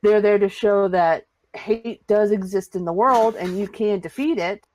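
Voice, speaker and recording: A woman's voice: medium pitch, unhurried, darkish tone, a little hiss or hum, rough recording. A woman guest on a review podcast, talking with dry, teasing sarcasm. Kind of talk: casual review chat.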